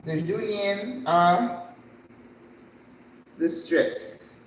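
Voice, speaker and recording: Unhurried, animated older woman storyteller. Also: medium pitch. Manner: animated, dramatic storyteller who acts out the people in her story. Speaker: cooking channel host. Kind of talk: casual storytelling while cooking. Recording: echoey room with faint background noise.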